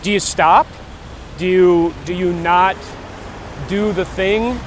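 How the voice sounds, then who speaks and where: A man's voice: sits high, fairly even intonation, slow, slight background noise. A man talking casually while out on a morning walk, rambling and musing with lots of restarts. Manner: rambling, musing, self-interrupting. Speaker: vlogger. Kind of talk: casual walk-and-talk vlog. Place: outdoors on a walk near traffic.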